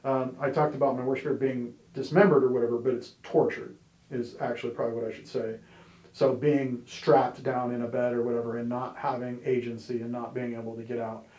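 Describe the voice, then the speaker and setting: A man's voice: medium pitch, flat delivery, fairly quick, a little mellow. A man sharing his personal testimony in a candid, conversational way, with wry humor and plenty of "you know"s. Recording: roomy echo.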